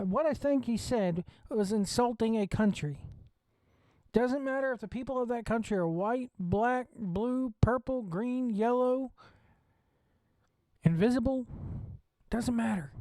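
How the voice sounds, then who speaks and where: A man's voice: extremely high pitch, a little mellow, no echo. A man with a Southern US accent hosting a wrestling watch-along, ranting bluntly and swearing freely. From Southern United States. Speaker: wrestling show host. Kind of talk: opinionated watch-along commentary.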